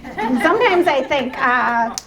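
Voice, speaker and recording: A woman in her forties speaks with a fairly high voice from a conference stage. She delivers an inspirational keynote, earnest and personal, lightened with self-mocking jokes. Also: animated, measured pace, noisy background. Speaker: motivational speaker. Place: event stage before an audience.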